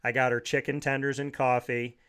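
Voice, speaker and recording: A man's voice: medium pitch, level tone, fairly quick, fairly bright tone, clean tone. A man hosting a talk show, telling heartfelt family memories in a rambling way with frequent restarts.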